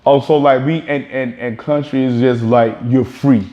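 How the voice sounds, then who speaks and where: A man from the States, explaining things in a relaxed interview and often repeating words as he thinks. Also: mid-range voice, moderate pace, lo-fi sound. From Southern United States. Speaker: guest, blog founder. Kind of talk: casual interview chat.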